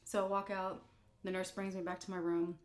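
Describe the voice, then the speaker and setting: A woman's voice: fairly low pitch, flat delivery, fairly quick. A woman vlogger telling a story while eating, candid and blunt, rambling with fillers. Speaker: mukbang vlogger.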